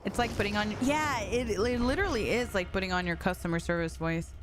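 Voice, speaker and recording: A woman's voice: medium pitch, a little fast, background noise. A young adult woman streaming a game, chatting casually and laughing easily, slipping between English and Spanish as she answers her chat. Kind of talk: casual live-stream chat while gaming. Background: background music.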